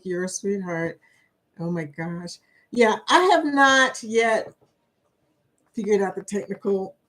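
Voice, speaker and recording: A woman, hosting a casual live stream. She chats eagerly, greets viewers by name and breaks into whoops and laughs. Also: medium pitch. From Kentucky, USA. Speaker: livestream host.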